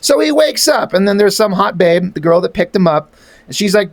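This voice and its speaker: A man's voice: sits high, lively intonation, brisk. A man reading through a comic aloud and mocking it with sarcastic, rambling, profane asides. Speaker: comic reviewer.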